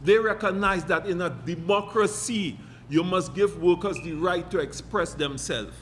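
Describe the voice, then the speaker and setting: A trade union leader from Trinidad and Tobago giving a press conference speech, firing off rhetorical questions and repeating them for emphasis. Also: male voice, sits high, moderate pace, fairly bright tone, a little hiss or hum. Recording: long hall reverb, faint ambience.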